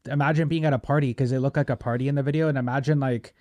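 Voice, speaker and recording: A man's voice: medium pitch, steady tone, very fast, darkish tone, no echo. A man hosting a casual podcast, rambling and joking with lots of fillers. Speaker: podcast host.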